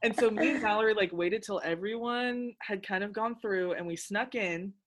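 A young woman hosting a casual chat, telling a story in an animated, excitable way with lots of filler words. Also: mid-range voice, normal speed. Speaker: podcast host.

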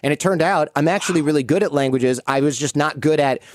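Brief: American man, late 30s, animated storytelling guest, close dry studio sound. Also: on the high side, no echo. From United States. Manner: lively storyteller, quick asides. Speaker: podcast guest. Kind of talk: storytelling interview.

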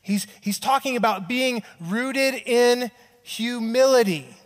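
High-voiced male pastor in a reverberant hall. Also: takes it slowly. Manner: conversational preaching, tags lines with "right?", acts out quotes. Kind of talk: sermon. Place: large church hall with an audience.

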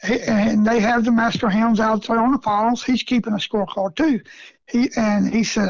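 A middle-aged man who hunts rabbits tells a story as a guest in a casual interview, folksy, using rural grammar and chuckling often. His gravelly, creaky voice sits high with a steady tone at a moderate pace. The recording is dry and close, with no echo and a dull, lo-fi sound.

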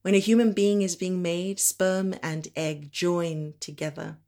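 A woman performing a spoken word monologue from Africa, with a measured, deliberate delivery and slow emphatic pauses. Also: fairly low pitch, level tone, mellow.

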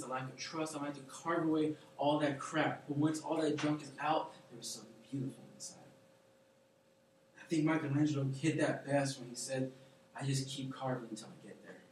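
Slangy preacher in an echoey hall. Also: male voice, a little high, fairly quick. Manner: animated, conversational, slangy storytelling with quoted voices. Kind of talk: casual sermon. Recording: echoey room from far off, faint noise.

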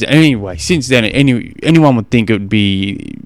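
A man's voice: fairly low pitch, moderate pace, no room sound, studio quality. A middle-aged Australian man hosting a podcast, telling stories in a rambling, casual way with lots of restarts. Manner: rambling storytelling with self-corrections and laughs. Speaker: podcast host and coach. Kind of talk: casual chat.

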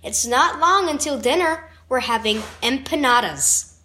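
A woman voicing a mother in a children's devotional story, gentle and teasing, then earnest. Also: high-pitched, lively intonation, measured pace, slight background noise, exaggerated voice. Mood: firm. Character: warm playful adult mother.

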